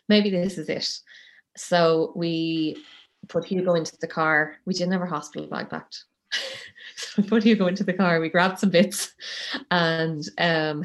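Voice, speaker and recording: This is a woman in her thirties with a voice lower than most. She tells her story in a loose, chatty way, acting out what people said and laughing along the way. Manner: chatty, laughs often, acts out quotes. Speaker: guest telling her birth story. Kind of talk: casual storytelling.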